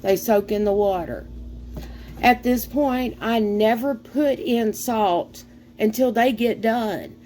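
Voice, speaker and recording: A woman's voice: on the high side, a little mellow, a little hiss or hum. A middle-aged woman from the American South with a Southern accent, chatting casually and folksily while cooking. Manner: slow, folksy, rambling with fillers and sighs. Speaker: cooking vlogger.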